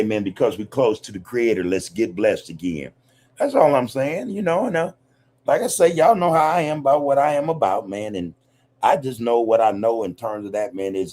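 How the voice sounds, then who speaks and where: A man holds forth on his podcast in a loose, rambling monologue, leaning hard on his points. His voice sits low and sounds husky. He fills his talk with street slang and constant asides. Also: warm tone. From United States. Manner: rambling, emphatic, streetwise slang, lots of "man" and "you know". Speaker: podcast host. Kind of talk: casual livestream monologue.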